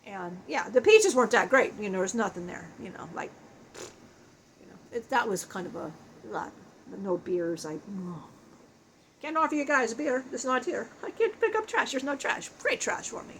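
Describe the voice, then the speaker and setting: A woman's voice: on the high side, sing-song, normal speed, fairly bright tone, a little hiss or hum. A woman channeling the spirit of a big, bald dead man who swears, jokes crudely and laughs often. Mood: joking.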